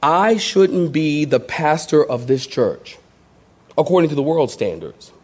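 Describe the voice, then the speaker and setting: High-voiced pastor preaching. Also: male voice, expressive, a little slow, darkish tone. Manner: storytelling with playful impressions and laughter. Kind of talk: sermon.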